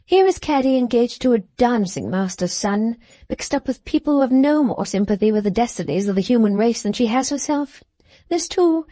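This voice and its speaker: A woman voicing a calm, distracted middle-aged mother who brushes off her daughter with cool composure. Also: on the high side, no echo, natural voice.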